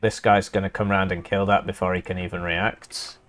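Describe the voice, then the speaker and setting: A man's voice: low-pitched, level tone, moderate pace, fairly bright tone. A young man casting a live strategy game match, casual and rambling with lots of fillers. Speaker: caster.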